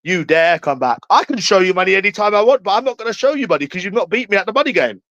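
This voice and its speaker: A man's voice: high voice, big pitch swings, fast talker, a bit bright, no echo, muffled recording. A man with a London accent in a heated livestream rant, taunting and repeating himself. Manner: taunting, repetitive, jeering.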